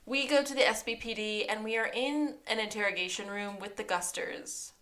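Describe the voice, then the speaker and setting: Her voice is a little high and sharp in tone, and she keeps a moderate pace. As a podcast co-host breezily going over a TV episode, she chats, laughs often, and acts out the characters' lines.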